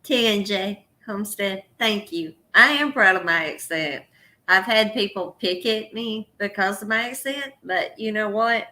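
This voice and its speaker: A woman with a strong Southern drawl talks slowly on a livestream and reads out viewer comments in a bright, sharp voice. Her chat is easy and unhurried. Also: mid-range voice, rough recording. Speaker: co-host of a livestream.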